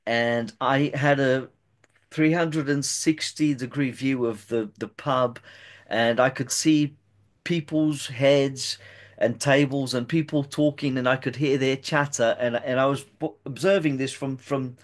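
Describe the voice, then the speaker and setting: In an interview, a man tells a long personal story in an ordinary mid-pitched voice with fairly even intonation. His speech is halting, with frequent stumbles and repeated words.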